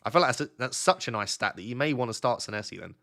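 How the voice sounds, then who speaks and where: A man's voice: medium pitch, lively intonation, racing, creaky, pushed and bright. A young man hosting a casual late-night live stream from his bed at home, chatty and teasing as he talks to his chat. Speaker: fantasy football streamer, host.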